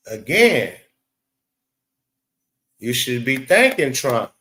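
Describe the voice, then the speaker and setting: A man's voice: mid-range voice, wildly swooping pitch, takes it slowly, long pauses, bright, forceful tone. A man hosting a live stream, rambling, profane and blunt as he talks back to his chat. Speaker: livestream host.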